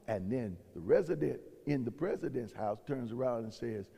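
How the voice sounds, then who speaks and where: Gravelly-voiced preacher man in echoing hall. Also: medium pitch, expressive, moderate pace, dark tone. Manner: preaching with rising intensity and quoted voices. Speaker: pastor. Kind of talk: sermon. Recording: long reverb of a large hall.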